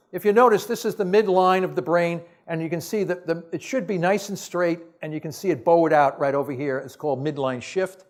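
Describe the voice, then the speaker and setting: Male professor lecturing a hall; higher-pitched, blunt and exasperated, punchy rhetorical questions, loose unscripted delivery. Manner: casual, off-the-cuff phrasing with restarts. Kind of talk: science lecture to an audience.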